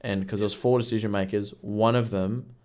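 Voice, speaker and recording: A man's voice: lowish voice, fairly even intonation, fairly quick, a little mellow. A man co-hosting a podcast, chatting casually and telling work stories bluntly, with some swearing. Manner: blunt, storytelling, swears freely. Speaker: podcast co-host. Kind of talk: casual chat.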